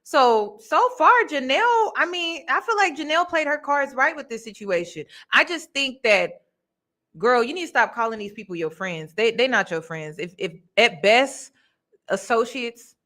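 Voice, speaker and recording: A woman hosting a commentary channel, reacting casually with emphatic, drawn-out phrases. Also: a little high, lively intonation, sharp tone.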